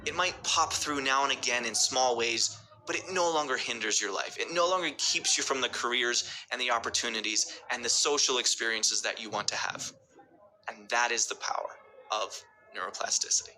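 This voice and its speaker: A man's voice: mid-range voice, moderate pace, bright, forceful tone, a little hiss or hum, rough recording. A man coaching stuttering, talking through speech techniques in an upbeat, encouraging way and demonstrating them by stretching and over-articulating words. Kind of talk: instructional workshop talk.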